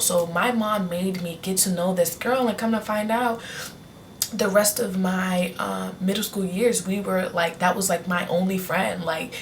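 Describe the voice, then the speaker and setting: A woman's voice: mid-range voice, steady tone, normal speed, distant mic, a little hiss or hum. A young woman vlogger chatting casually to her camera, candid and rambling, often restarting her sentences. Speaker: beauty vlogger. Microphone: on-camera mic.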